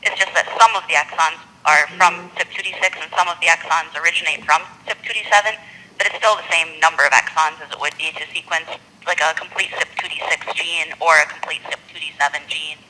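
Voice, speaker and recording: A woman's voice: sits low, fairly even intonation, quick pace, pushed and bright. A woman on a telephone line from her office, explaining lab methods carefully, step by step. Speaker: expert presenter on a phone line. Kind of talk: technical explanation. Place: office with door, remote caller.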